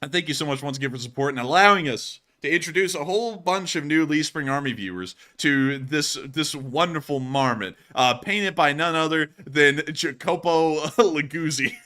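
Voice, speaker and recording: A man hosting a casual live stream with a bright, forceful voice. He jokes and rambles in a loose, chatty way. Now and then he bursts into loud shouts and laughter. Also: a little high, moderate pace, hardly any pauses. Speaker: show host.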